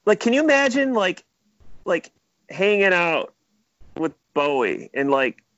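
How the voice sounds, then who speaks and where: A man producer in casual interview chat, animated and full of filler words. His voice sits a touch high. The recording is dry and dull, like lo-fi podcast audio. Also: a little slow, dry recording. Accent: Metro Detroit. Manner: animated storyteller, many "like" fillers. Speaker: music producer.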